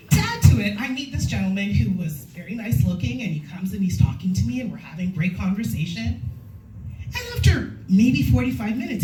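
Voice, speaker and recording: A young woman tells stand-up comedy stories, acting out quotes as she goes. Her voice sits a little high and swings widely. The sound is distant and echoey, with faint music behind. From Canada. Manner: animated storytelling, acting out quotes. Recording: echoey room from far off.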